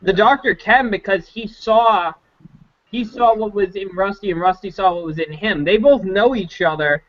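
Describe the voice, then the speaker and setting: A man co-hosting a casual fan podcast, eager and quick to cut in. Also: high-pitched. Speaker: podcast co-host. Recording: dull lo-fi audio.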